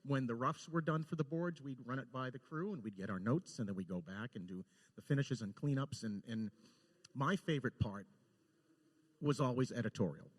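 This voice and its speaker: A man, a storyboard director, telling lively anecdotes and acting out the quotes with laughter. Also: mid-range voice, moderate pace, long reverb tail. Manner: animated, laughing, acts out quotes.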